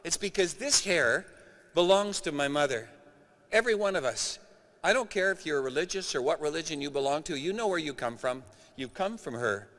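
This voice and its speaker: A middle-aged man from Canada delivers a keynote in a big conference hall, his fairly high voice carrying a long reverb tail. He speaks with animated emphasis, pressing points home to the crowd. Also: moderate pace. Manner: animated, emphatic speaker addressing a live audience.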